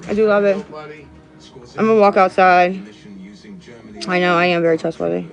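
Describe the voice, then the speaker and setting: A woman's voice: on the low side, fairly even intonation, normal speed, vocal fry, faint music behind. A woman streaming live, chatting to viewers in a sarcastic, profane, rambling way. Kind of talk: casual live-stream chat.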